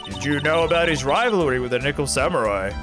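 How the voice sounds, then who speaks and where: A probing young male defense lawyer, read out by a man. The voice sits fairly high and swings up and down a lot, with game music clear in the background. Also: animated, fast, close to an everyday voice. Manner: reading game text aloud.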